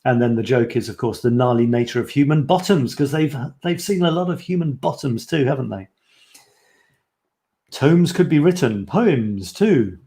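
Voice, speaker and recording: A man's voice: mid-range voice, fairly quick, hardly any pauses, dark tone. A middle-aged man hosting a live writing show, chatting casually and reading his own short pieces aloud with playful, self-mocking asides.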